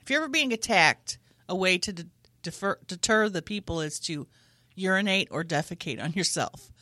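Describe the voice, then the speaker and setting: A woman chatting casually and jokingly, sometimes jumping up into squeaky voices. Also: moderate pace, no room sound, studio quality. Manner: jokey, animated, squeals into high voices. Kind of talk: casual comedic chat.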